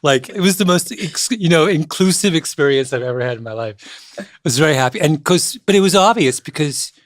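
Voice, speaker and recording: A man with a fairly high voice that swings widely up and down as he tells stories in casual conversation. He laughs often and drops into animated voices for the people he quotes. The sound is dry and close, with no room echo. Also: fairly quick. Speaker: podcast guest, author.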